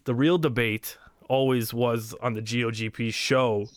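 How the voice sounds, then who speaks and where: A man's voice: medium pitch, steady tone, a little slow, no echo. Joking man on a dry mic. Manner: jokey, steers the talk. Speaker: podcast co-host. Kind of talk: casual podcast chat.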